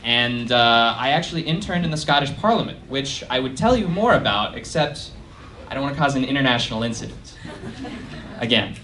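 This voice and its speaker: A young man doing a stand-up set at a college venue, deadpan and self-deprecating, with lots of fillers. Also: mid-range voice, brisk, a little hiss or hum. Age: young adult. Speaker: stand-up comedian. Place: college performance space.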